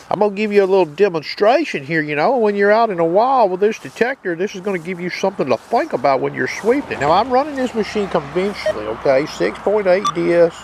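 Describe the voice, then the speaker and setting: Vocal fry colors this man's high-sitting voice, and the poor audio carries slight background noise plus loud detector tones. He hosts a metal detecting channel, giving a folksy, practical demonstration of his detector and regularly checking in with listeners.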